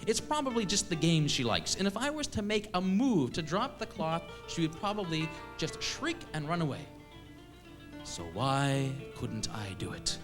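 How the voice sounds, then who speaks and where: A man from eastern Canada telling a comic story on stage, with a wry, deadpan, self-mocking delivery. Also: fairly high pitch, normal speed, over music. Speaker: comedian storyteller. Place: stage at a live show.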